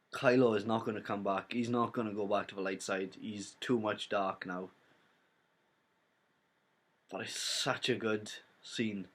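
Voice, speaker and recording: A young Welsh man talking through a film's plot in a loose, rambling way, leaning on "like" and "basically". His voice sits a little low, and he speaks casually, straight to his viewers. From Wales. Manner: rambling retelling full of "like" and "basically". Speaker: film reviewer. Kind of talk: casual spoiler review.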